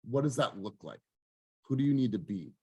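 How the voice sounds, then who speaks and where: A man's voice: mid-range voice, lively intonation, brisk, darkish tone, husky, highs cut off. A man leading a group coaching call, talking in a fired-up, emphatic way and swearing for emphasis. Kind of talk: motivational group coaching talk.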